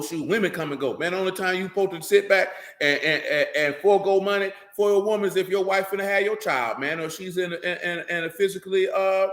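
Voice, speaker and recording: A man preaching in a loose, streetwise way, blunt, emphatic and full of slang. His voice sits high and bright. It rings out in a roomy, echoing space. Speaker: religious teacher. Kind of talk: informal streetwise sermon.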